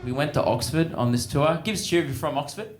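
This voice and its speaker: A man's voice: a little high, lively intonation, fast talker, over loud music. A man doing stand-up comedy on a theatre stage, brash and cheeky, often laughing at his own jokes. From Australia. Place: large theatre stage before a live audience. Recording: roomy live hall with loud audience noise.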